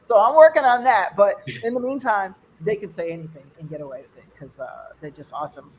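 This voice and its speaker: An older stand-up comedian from the United States does a loose, rambling set for an online fundraiser, chatting to the audience like a friend and leaping up in pitch to imitate others' accents. Her quick-paced voice is a little mellow, with a faint background hiss beneath it.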